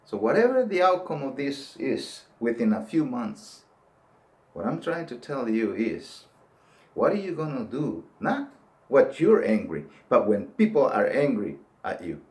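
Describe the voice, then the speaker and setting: A man's voice: medium pitch, very animated, measured pace. An older man giving an earnest, pleading monologue that rises into emphatic outbursts. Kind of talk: impassioned monologue to camera.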